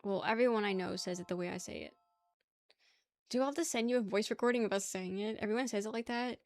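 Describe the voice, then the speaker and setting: A woman's voice: mid-range voice, fast, a little mellow, no room sound. Chatty New woman streamer, dry sound. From New York. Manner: chatty, laughs a lot, argues playfully with chat. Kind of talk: casual live-stream chat.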